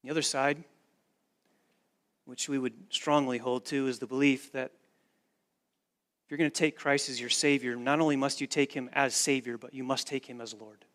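A man's voice: medium pitch, fairly even intonation, normal speed, pauses often, a bit bright. A man preaching a sermon in an earnest, emphatic way, driving points home with repeated phrases. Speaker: pastor.

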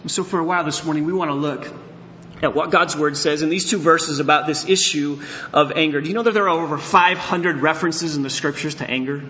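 On a lo-fi recording with a little hiss or hum, a middle-aged male pastor preaches in a church sanctuary with a sharp tone, in a slightly high voice and at a slightly fast pace. He speaks candidly, tells personal stories, and sometimes builds to emphatic outbursts.

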